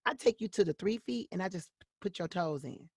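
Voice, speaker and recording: A woman's voice: on the low side, fairly quick, breathy edge, dry recording, clean studio sound. A middle-aged woman, a voice-over actress and coach, talking animatedly in an interview. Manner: animated, acts out quoted voices. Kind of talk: interview conversation.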